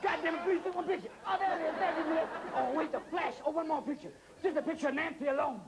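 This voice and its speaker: A man's voice: quick pace, vocal fry, a loud crowd, heavy background noise. A man playing a pushy Italian pizza delivery man and paparazzo, talking in a put-on Italian accent. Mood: pleading. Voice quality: frantic, high-pitched, wheedling. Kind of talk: improvised comedy. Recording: studio audience, loud ambience.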